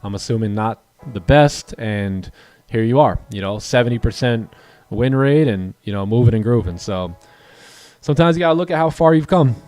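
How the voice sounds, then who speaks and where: A man hosting a live trading stream, encouraging his students and telling animated stories with voiced quotes. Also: moderate pace, no echo, faint music behind. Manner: animated storytelling, acts out quoted dialogue in a higher voice; encouraging, motivational. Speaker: day-trading coach and stream host. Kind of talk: casual livestream chat.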